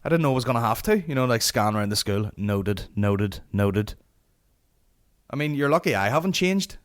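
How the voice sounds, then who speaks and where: A Northern Irish man in his late twenties rants his way through a comic story for his podcast. He swears freely and talks in a mid-pitched, everyday voice, with animated bursts. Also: racing. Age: late 20s. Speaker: podcast host.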